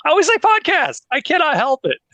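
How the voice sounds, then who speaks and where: Animated man with a lively voice. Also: very high voice, fast, no echo. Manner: animated, giggly. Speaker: player. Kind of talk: casual chat. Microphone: video call.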